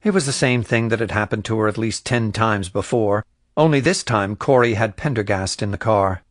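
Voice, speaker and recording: A male audiobook narrator with a low voice reads scripted narration at normal speed. The recording is dry and the studio sound clean.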